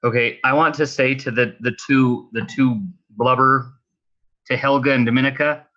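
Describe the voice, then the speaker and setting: A man's voice: medium pitch, fairly even intonation, normal speed, pushed and bright. A man playing a tabletop game, polite, deferential and hesitant. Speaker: player. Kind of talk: tabletop role-play. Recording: dull lo-fi mic.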